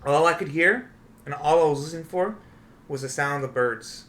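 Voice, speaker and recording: A man's voice: on the high side, moderate pace, a little hiss or hum. A man hosting a podcast, chatting casually and telling stories, acting out the people he quotes. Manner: storytelling, animated when quoting people. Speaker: podcast host.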